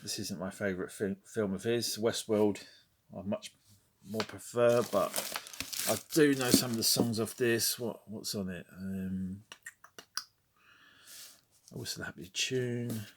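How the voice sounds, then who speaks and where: A middle-aged man talks through his collection in an unhurried, drawling way, his voice sitting fairly low. He rambles with wry muttered asides and bursts into bits of tunes. There is a faint hiss under the recording. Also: fairly even intonation. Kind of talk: casual chat.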